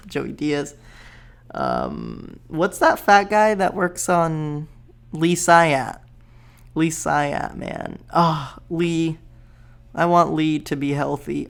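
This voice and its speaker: A man's voice: on the high side, animated, slow pace, creaky, clean tone. A man talking in a rambling, laid-back vlog monologue, casually profane. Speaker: vlogger.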